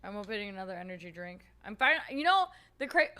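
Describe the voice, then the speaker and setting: A woman's voice: medium pitch, sing-song, fast talker, hardly any pauses, pushed and bright. A woman streamer talking casually to her viewers with wry, exasperated asides.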